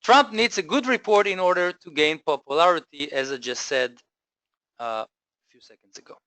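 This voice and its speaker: A man presenting a live online trading lesson, energetic and full of fillers and self-corrections, often checking in with listeners. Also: high voice, normal speed, no room sound.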